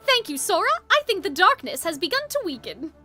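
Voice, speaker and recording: Woman doing a polite storybook English girl, high, attempted British accent. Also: sing-song, a little fast, bright, forceful tone, soft background music, full character voice. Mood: prim.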